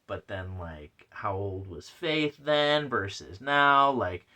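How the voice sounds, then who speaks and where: A man's voice: lowish voice, lively intonation, slow pace, pushed and bright. A man hosting a casual solo comic review podcast, rambling and chatty with lots of fillers and restarts. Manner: reads out messages with playful put-on voices. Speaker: podcast host.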